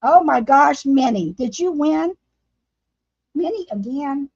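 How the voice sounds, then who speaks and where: Taking it slowly, a woman speaks in an expressive, high-pitched voice that's a little mellow. She hosts a casual home craft livestream, chatting and laughing with her viewers as she paints. Audio is dull and lo-fi.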